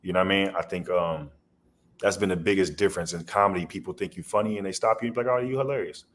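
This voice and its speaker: A man's voice: sits low, steady tone, fast talker, a bit bright. A man guest on a podcast, telling rambling stories in a loose, slangy way. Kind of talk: casual storytelling interview.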